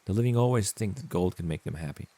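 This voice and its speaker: A man reading aloud, voicing a noble, sorrowful prince statue in a storybook, gentle and solemn. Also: deep voice, lively intonation, quick pace, no echo.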